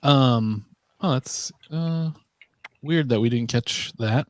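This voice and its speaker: A sarcastic man swearing and laughing through a casual co-host chat on a video call. His voice sits at an average pitch and sounds dry, with no room echo. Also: slow pace. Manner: sarcastic, profane, laughs often. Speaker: podcast co-host.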